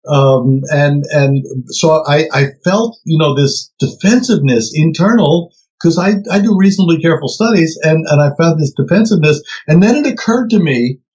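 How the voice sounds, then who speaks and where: A man's voice: fairly high pitch, muffled recording. A man in his seventies, a researcher guest in a conversational interview, telling stories and acting out the voices of people he quotes. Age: 70s. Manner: animated storyteller who acts out quoted voices.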